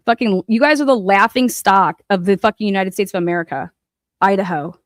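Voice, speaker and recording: A woman's voice: medium pitch, fairly quick, no room sound, clean studio sound. A woman true crime commentator in an angry, profane rant, cursing and mocking the people she talks about.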